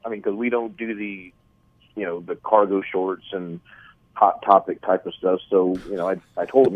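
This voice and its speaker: Middle-aged Texan man, low voice, storytelling guest on a tinny phone line. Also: moderate pace, dry recording. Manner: animated anecdotes with repeated words and restarts. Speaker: wrestling promoter and trainer.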